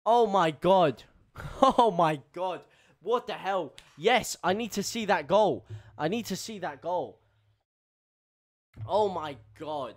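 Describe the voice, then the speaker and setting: High-voiced man, excitable commentary. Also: takes it slowly, long pauses. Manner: excitable running commentary, swearing and repeating himself. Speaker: streamer. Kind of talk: live match watchalong commentary.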